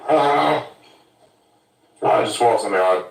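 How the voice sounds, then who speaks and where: A man's voice: medium pitch, lively intonation, a little slow, creaky. A man from Germany ranting bluntly and swearing in a casual podcast chat. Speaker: podcast host. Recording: roomy sound from a distance.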